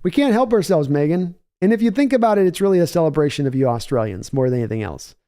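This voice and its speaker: An American man reacts to games live, his soft, mellow voice pitched slightly high and moving quickly and expressively. Between rambling, opinionated takes, he reads viewer chat aloud and responds conversationally.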